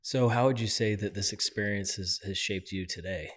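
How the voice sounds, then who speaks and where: A man hosting a podcast, asking curious questions in a soft-spoken way. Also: fairly low pitch, moderate pace. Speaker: podcast host. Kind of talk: interviewing.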